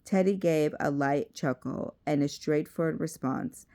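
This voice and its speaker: A woman reading a self-help book aloud in a measured way, adding side remarks. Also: low-pitched, mellow.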